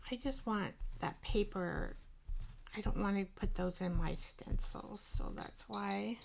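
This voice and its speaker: A woman's voice: mid-range voice, unhurried, creaky, a little hiss or hum. A woman hosting a live art show, chatting casually and rambling with viewers while she paints, often breaking into laughter. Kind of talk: casual live craft demo chat.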